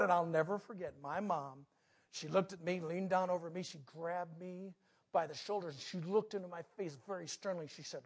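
A man preaching a sermon, telling a personal story with big swings between loud outbursts and hushed moments. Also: high voice, moderate pace, husky. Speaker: pastor.

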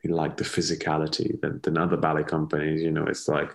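A man's voice: extremely low pitch, completely flat delivery, fast talker, gravelly. A man, a ballet dancer, chatting casually as a podcast guest, rambling with many restarts and fillers. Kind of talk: casual conversational interview.

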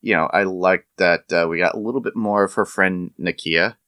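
A man with a very low voice talks through a show in halting, filler-heavy speech. The sound is dry, with no room echo. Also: sharp tone. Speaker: podcast co-host. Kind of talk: casual chat reviewing a show.

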